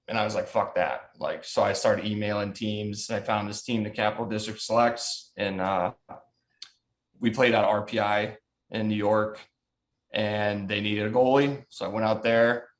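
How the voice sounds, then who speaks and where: A man's voice: fairly low pitch, level tone, normal speed. A man in his thirties from the Chicago suburbs, a former hockey goalie, telling stories in a casual, profane podcast chat and laughing often. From Chicago south suburbs, USA.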